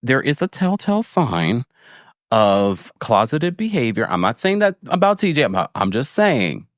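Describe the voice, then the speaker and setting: Animated, playful man recapping reality TV. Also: mid-range voice, measured pace, dry recording, studio quality. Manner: animated and playful, with frequent laughs and asides; frank, speaks as a big brother to the audience. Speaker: podcast host. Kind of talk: casual TV recap commentary.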